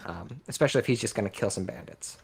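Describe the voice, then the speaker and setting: A man running a tabletop game as game master, relaxed and often pausing with ums. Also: fairly low pitch, creaky, breathy edge. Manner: relaxed, hesitant with many ums.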